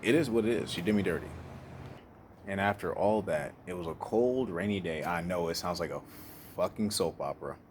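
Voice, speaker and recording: Deep-voiced man telling his story. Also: brisk, a little mellow, a little hiss or hum. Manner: emotional, candid, profane, trails off and restarts. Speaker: speaker sharing life story. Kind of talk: personal storytelling monologue.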